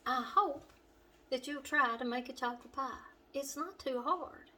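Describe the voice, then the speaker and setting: A middle-aged woman with a western Kentucky accent, hosting a home cooking demonstration in her kitchen and chatting warmly to the viewer. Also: sits high, unhurried. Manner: homey and chatty, talking straight to the viewer. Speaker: cooking show host.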